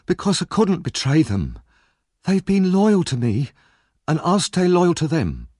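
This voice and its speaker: A man's voice: on the high side, wildly swooping pitch, unhurried, a little mellow, dry recording, clean studio sound, pitched above the performer's own voice, full character voice. A man voicing a frightened young woman thief. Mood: urgent. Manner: breathless, urgent and fearful. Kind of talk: audiobook character voice.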